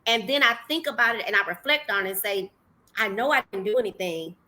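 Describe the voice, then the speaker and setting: A woman, hosting a casual faith-minded podcast chat and acting out her own words in a lively, exclaiming way. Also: medium pitch, fast talker. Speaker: podcast host.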